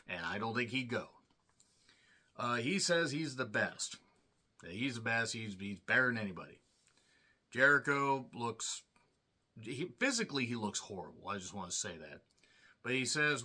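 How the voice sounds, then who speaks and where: A man's voice: medium pitch, bright, forceful tone. A man recapping a wrestling show in casual commentary, sarcastic and profane, with rambling asides.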